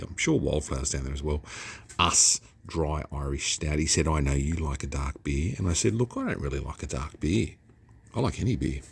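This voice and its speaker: A man's voice: extremely low pitch, vocal fry, slightly rough. An Australian man chatting casually through a beer review, rambling along and now and then dropping to a whisper.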